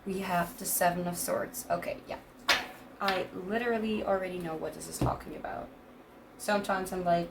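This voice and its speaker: Gravelly young woman rambling through a tarot reading. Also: lowish voice, fairly even intonation, moderate pace, noisy background. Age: 20s. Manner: rambling, hesitant, many fillers and restarts; laughs often between thoughts. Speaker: tarot reader.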